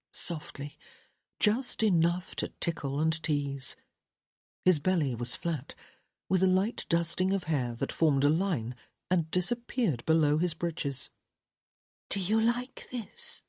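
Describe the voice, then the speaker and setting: A woman reading a romance audiobook in a slow, soft, intimate manner. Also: low voice, slightly rough, no echo, clean studio sound. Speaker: audiobook narrator. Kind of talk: scripted romance audiobook narration.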